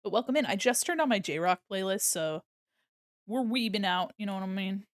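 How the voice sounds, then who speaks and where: A woman's voice: mid-range voice, expressive, moderate pace, no room sound, studio quality. A young adult woman streaming as an illustrator, chatting casually and goofily while she draws, giggling often. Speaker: livestreaming illustrator.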